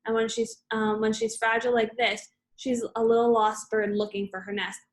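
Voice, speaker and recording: A woman's voice: fairly high pitch, little pitch movement, normal speed, poor audio. A woman reading a novel aloud in first person, plainly, with small slips and self-corrections. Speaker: audiobook reader.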